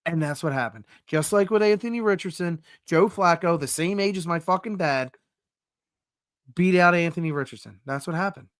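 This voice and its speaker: Heard over a video call, a male podcast co-host with a high-pitched, slightly bright voice pushes his arguments emphatically at normal speed, cursing frequently. The sports talk is heated but casual, and the sound is clean studio audio with no room noise.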